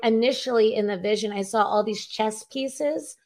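Upbeat woman guest, higher voice. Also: moderate pace, darkish tone. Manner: upbeat, laughs often, many fillers. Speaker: guest, revivalist preacher. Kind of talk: casual interview chat. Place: at home on a live video call.

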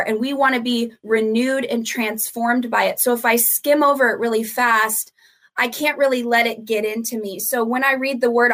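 A woman's voice: a little high, fairly bright tone. A woman, a ministry founder guesting on a podcast, teaching earnestly and steadily, driving points home through repetition.

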